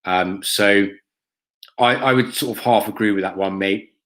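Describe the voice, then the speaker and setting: Brief: man, fan channel host, casual stream chat, low-pitched, blunt and profane, rambles with ums. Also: unhurried, a bit bright. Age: adult, has a school-age son. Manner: blunt, sweary, lots of ums and "mate".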